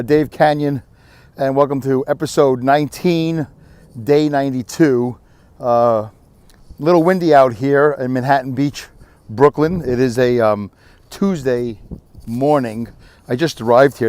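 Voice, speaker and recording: A middle-aged man speaks at an ordinary pitch in a tired, rambling way, like an outdoor vlog shot on a handheld camera. His talk is candid and a little self-mocking, with plenty of fillers. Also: moderate pace, darkish tone, clean tone, no echo. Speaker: vlogger. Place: windy beach outdoors.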